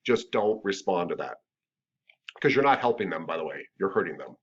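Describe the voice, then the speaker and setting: A man's voice: deep voice, expressive, moderate pace, husky. A man teaching a massage therapy class in a casual, joking, conversational lecture. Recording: dull lo-fi lecture recording.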